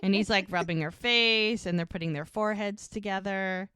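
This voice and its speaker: Lively woman recapping scenes, smooth voice. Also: medium pitch, moderate pace, no room sound, clean studio sound. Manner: animated retelling, acting out both characters' lines. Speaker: podcast co-host. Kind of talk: casual recap chat.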